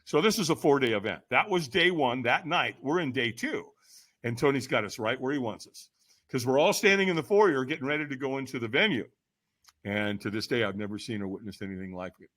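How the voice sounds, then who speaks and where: A man telling a personal story as a podcast guest, lively and emphatic, acting out quoted lines with sudden shouts. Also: mid-range voice. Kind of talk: animated storytelling in conversation.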